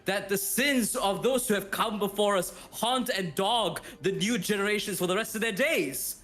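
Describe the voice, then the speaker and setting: A man's voice: sits high, moderate pace, fairly bright tone. A man voicing a rash young male hero who argues in heated, accusing outbursts. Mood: indignant.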